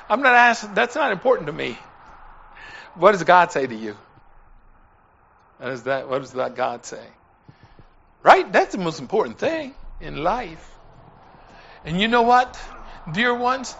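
A man preaches a sermon in a high, bright voice. He talks slowly and deliberately, pleading with his listeners. His delivery swings from hushed telling to shouting. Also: sing-song, vocal fry, slightly rough, lo-fi sound. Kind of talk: sermon with a personal story.

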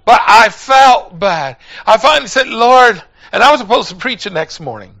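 Older man, preacher, high-pitched, gravelly, bright, storytelling sermon that rises to shouting. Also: animated, moderate pace. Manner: storytelling, building to loud exhortation. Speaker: pastor.

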